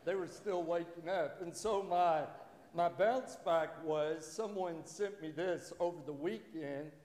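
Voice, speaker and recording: A pastor with a slightly high, darkish voice preaches in an echoey church sanctuary, with slight background noise. His sermon mixes jokes and stories, delivered conversationally with halting restarts, and he acts out the voices he quotes.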